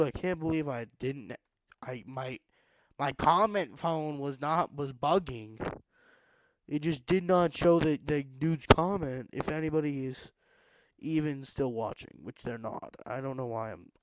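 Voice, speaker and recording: A man with a slightly high voice chats loosely to an empty live stream, tired but pushing extra energy into his talk. His rambling, self-talking commentary is close and dry, with no room sound. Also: a little slow, dry recording. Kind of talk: casual live-stream chatter while building.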